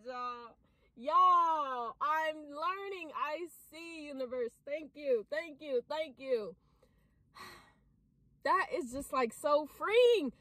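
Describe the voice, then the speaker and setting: A woman's voice: high-pitched, expressive, slow pace, a bit bright, dry recording. A woman vlogging casually to her viewers. She talks emphatically, repeats phrases and swears casually. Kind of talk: casual self-talk vlog.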